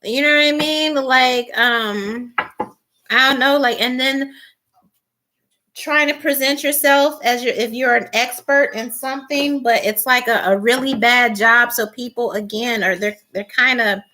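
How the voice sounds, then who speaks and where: A woman's voice: fairly high pitch, fairly even intonation, unhurried, pushed and bright. A woman doing a casual tarot reading, rambling with many fillers and restarts, blunt and teasing. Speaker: tarot reader.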